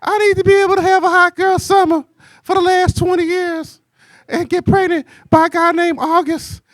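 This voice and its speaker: A man doing a high, mocking impression of a sassy young woman making demands during a stand-up comedy bit. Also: little pitch movement, moderate pace, fairly bright tone, no room sound, studio quality.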